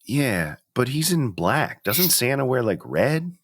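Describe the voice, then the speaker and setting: A man co-hosting a podcast, talking through a movie in an animated, playful, chatty way. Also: mid-range voice, slow pace. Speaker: podcast co-host. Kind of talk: casual chat.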